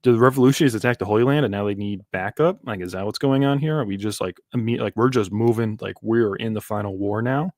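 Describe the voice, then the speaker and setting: A man's voice: on the low side, quick pace, hardly any pauses, darkish tone, no echo, studio quality. A man streaming a live reaction, rambling casually with lots of fillers and restarts. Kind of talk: live manga reaction commentary.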